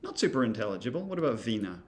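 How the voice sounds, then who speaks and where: A man's voice: medium pitch, big pitch swings, very fast, a little mellow. A man giving a casual recorded lesson, thinking aloud with many ums and uhs. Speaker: instructor. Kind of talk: recorded lecture demonstrating software.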